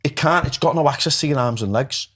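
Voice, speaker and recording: A man's voice: on the high side, fast talker, fairly bright tone. A man, a recovery coach talking bluntly and swearing freely as a podcast guest. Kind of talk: podcast conversation.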